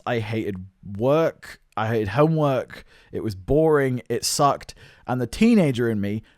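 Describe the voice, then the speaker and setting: An earnest young British man hosts his own podcast, thinking aloud and questioning himself. His voice sits in a middle register and lurches from loud, quick bursts to low, slow mutters. The sound is dry and close, with no room around it. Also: dry recording. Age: 20s. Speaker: podcast host. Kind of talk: reflective solo podcast monologue.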